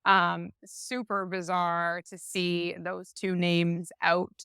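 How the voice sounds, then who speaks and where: A woman co-hosting a podcast in a relaxed, casual chat, with a clean and smooth voice. She talks at an unhurried pace and leans on fillers as she works through each point. The sound is dry and close. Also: fairly low pitch, no echo. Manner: chatty, drawn-out, many fillers. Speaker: podcast co-host.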